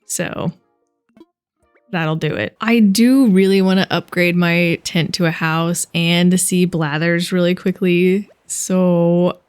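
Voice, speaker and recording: A young woman chatting casually and excitably while playing a video game, with frequent giggles. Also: lowish voice, unhurried, clear, resonant tone, soft background music. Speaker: gaming vlogger. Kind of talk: casual gameplay commentary.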